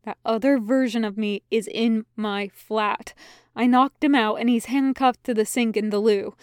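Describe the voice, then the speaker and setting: Scared demon guy begging, stammery and earnest, woman voicing him, bit high. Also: fairly even intonation, normal speed, smooth, no room sound, studio quality, lightly acted. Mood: pleading. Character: frightened pleading male demon.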